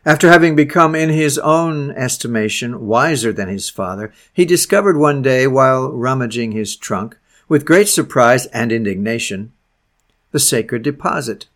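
A man's voice: mid-range voice, lively intonation, normal speed. Impassioned man reading an old sermon. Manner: impassioned, swings between loud emphasis and hushed tones. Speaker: sermon reader.

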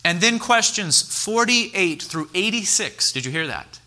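Male pastor, bright and sharp voice, earnest teaching sermon, poses rhetorical questions. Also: high voice, animated, unhurried.

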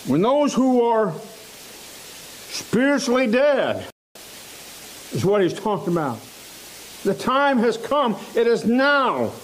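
A man preaching a sermon in a church, slow and emphatic, repeating phrases for stress. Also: very high voice, big pitch swings, a little hiss or hum, rough recording.

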